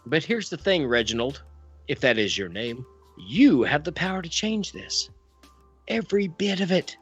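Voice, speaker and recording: A man co-hosting a comedy podcast, playing a judge with a put-on Southern drawl and ranting in a loud, folksy, theatrical way. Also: fairly high pitch, very animated, normal speed, slightly rough, muffled recording, soft background music. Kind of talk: comic mock-courtroom rant.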